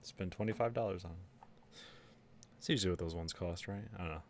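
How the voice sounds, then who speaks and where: A man's voice: low voice, brisk, a little hiss or hum. Rambling, laughing podcast co-host man. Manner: rambling, laughs often, trails off. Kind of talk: casual chat.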